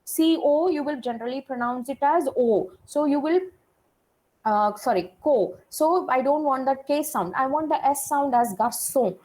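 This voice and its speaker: A woman's voice: high-pitched, lively intonation, normal speed, darkish tone, low-quality recording. A woman teaching a French class, explaining patiently and repeating points while checking that her students follow. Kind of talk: classroom lecture.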